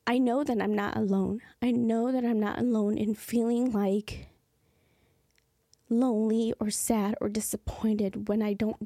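A young woman speaks in an earnest, halting way, her mellow, darker voice carrying plenty of gravelly vocal fry. She often slips into soft, breathy whispers as she tells a personal story. The sound is close and dry, with no room echo. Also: medium pitch. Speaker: podcast host.

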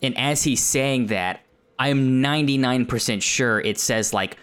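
A man talking casually about a film on a podcast, rambling with lots of fillers and getting animated when excited. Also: medium pitch, measured pace, clear, resonant tone. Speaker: podcast co-host.

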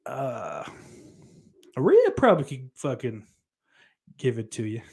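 A man's voice: mid-range voice, wildly swooping pitch, slow, vocal fry, darkish tone, husky. A male livestream host reading chat aloud in a put-on Irish accent, swearing often and breaking into giggles. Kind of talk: casual stream chat.

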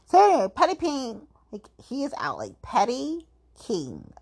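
Husky, rambling woman with a lively voice. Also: high voice, unhurried. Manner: rambling, heavy use of "like"; playful, self-mocking about being petty. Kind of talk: casual chat.

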